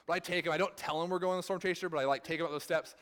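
A man in his thirties preaching a sermon, telling a family story in a relaxed, conversational way with many filler words. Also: fairly high pitch, racing, smooth. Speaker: pastor.

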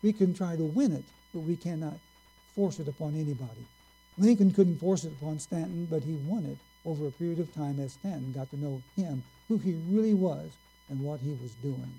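A man preaching a sermon, telling a story slowly and earnestly and drawing out his key words. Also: fairly high pitch, gravelly, warm tone, husky, low-quality recording.

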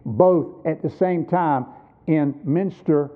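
His voice sits a little high and he speaks slowly: a man in his sixties giving a sermon at a missions conference in church. He teaches emphatically with rhetorical questions, and the recording has a tinny, phone-like quality.

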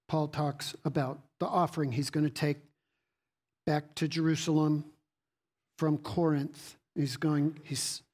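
The voice is medium in pitch and a little mellow, belonging to a preacher addressing a congregation. He reads scripture aloud, teaches, repeats words, and throws out rhetorical questions.

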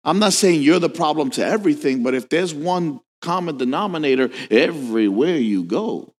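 A man preaching a sermon as pastor, swinging from hushed lines to shouted questions, telling stories with casual asides. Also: a little high, lively intonation, normal speed. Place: church sanctuary. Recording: long hall reverb.

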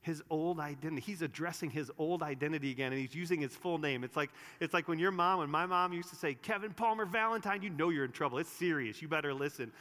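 A man's voice: a little high, fast talker, few pauses. Earnest male pastor preaching in a reverberant hall. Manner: earnest, builds to emphatic peaks then drops soft. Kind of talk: sermon. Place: church sanctuary. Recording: long reverb of a large room.

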